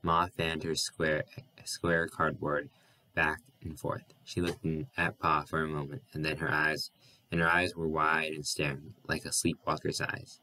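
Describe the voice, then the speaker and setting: Very deep, flat-voiced male narrator. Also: a little slow, no echo, low-quality recording. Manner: steady, even reading with occasional slips and restarts. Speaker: audiobook narrator. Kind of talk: reading a novel aloud.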